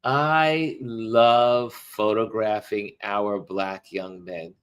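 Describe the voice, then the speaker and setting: Slow-talking man hosting a livestream. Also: on the low side, fairly even intonation, clean tone, lo-fi sound. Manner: slow, musing, talks to viewers while showing photos. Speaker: livestream host. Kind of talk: casual livestream chat.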